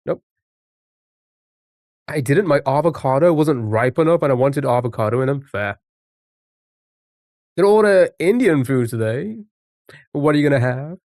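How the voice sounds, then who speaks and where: A man's voice: mid-range voice, lively intonation, normal speed, long pauses, darkish tone, no echo, clean studio sound. A man live-streaming a word game, chatting casually and greeting viewers by name.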